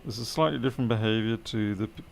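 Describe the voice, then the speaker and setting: A man's voice: lowish voice, fast, vocal fry, slight background noise. A tired man streaming a late-night electronics repair, muttering as he works and answering live chat with dry, self-deprecating remarks.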